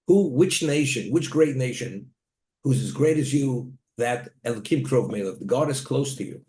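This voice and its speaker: Speaking expressively at a moderate pace, a rabbi with a mid-range, darkish voice tells stories in a Torah class, slipping Hebrew terms into plain talk. The room is echoey.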